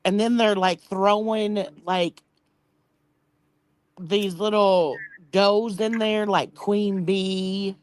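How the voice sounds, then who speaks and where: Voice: mid-range voice, steady tone, very slow, dry recording. A panel guest on a livestream, chatting casually in a rambling way with many fillers. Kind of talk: casual chat.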